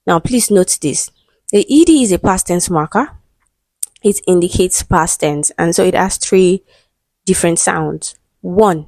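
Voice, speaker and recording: Nigerian woman tutor, slightly low voice, dry close mic, patient walkthrough of exam questions. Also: a little mellow, dry recording. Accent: Nigerian English. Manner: patient, repeats "okay" and "right" often. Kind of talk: explaining English exam questions.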